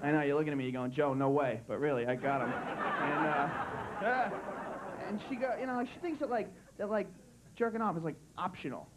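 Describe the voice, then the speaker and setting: A man performing a stand-up comedy set on a club stage, loud and animated, swearing and acting out quick voices. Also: fairly high pitch. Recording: live club recording, loud crowd and noise.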